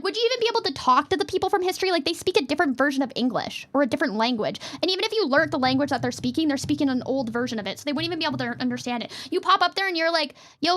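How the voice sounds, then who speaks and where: A young adult woman streaming as a VTuber, chatting casually and playfully with her chat in quick jokey asides. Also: sits high, a bit bright.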